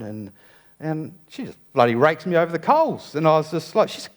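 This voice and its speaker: Middle-aged New man, stage speaker, wry and playful delivery with a lively, swooping pitch. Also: a little fast. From New Zealand. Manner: playful, wry storytelling full of puns. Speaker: design conference speaker. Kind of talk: humorous talk on stage.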